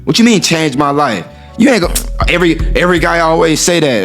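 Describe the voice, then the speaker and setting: A man's voice: on the high side, animated, fast talker, gravelly, fairly bright tone, soft background music. A man in a casual monologue to his viewers, brash, profane and swaggering, who acts out what others said. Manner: acts out quoted women in raised voice. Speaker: dating talk host.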